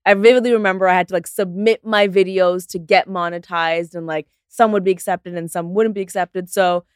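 A woman in her thirties from Canada chats as a podcast guest, rattling off stories at a rapid clip. She mimics other people as she tells them. Her voice sounds close and dry, with no room around it. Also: fairly low pitch, fairly even intonation, clear, resonant tone, no echo. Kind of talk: casual podcast chat.

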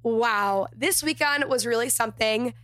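A woman hosting her podcast in a chatty, gushing way, tired and a little hoarse from losing her voice. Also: a little high, measured pace, fairly bright tone, no room sound. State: slightly lost voice, tired. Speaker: podcast host. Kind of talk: casual podcast intro and ad read.

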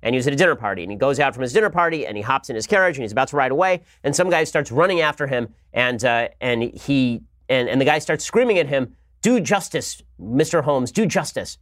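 Man, political commentary host, sarcastic, mocking, very fast talker, dry close sound. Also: medium pitch, expressive, a bit bright, no room sound. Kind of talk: fast combative commentary monologue.

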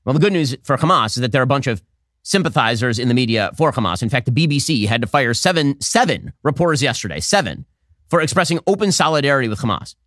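A man hosting a political commentary show, arguing fast with a sarcastic, combative edge. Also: mid-range voice, sing-song, fairly bright tone, no room sound, studio quality. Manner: rapid, sarcastic, argumentative. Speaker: podcast host.

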